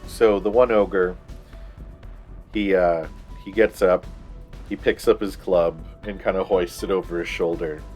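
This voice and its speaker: A man running a tabletop game as game master, explaining rules and narrating in a relaxed way with many fillers. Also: low-pitched, measured pace, faint music behind.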